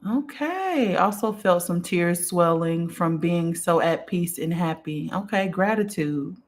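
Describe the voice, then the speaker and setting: Brief: relaxed woman live-stream host, low-pitched, affirming and chatty, reads comments aloud. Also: a little slow. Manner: affirming, repeats "okay" and "period", relaxed and chatty; yawns and sighs now and then. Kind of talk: casual live-stream chat reading viewer comments.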